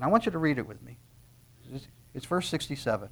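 Conversational preacher, rising to loud peaks. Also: male voice, medium pitch, animated, a little fast. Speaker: pastor. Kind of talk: sermon.

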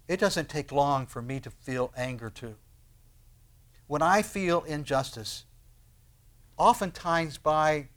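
Emphatic preacher, quiet to booming. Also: male voice. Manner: swings from hushed to loud, emphatic and questioning. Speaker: pastor. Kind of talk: sermon.

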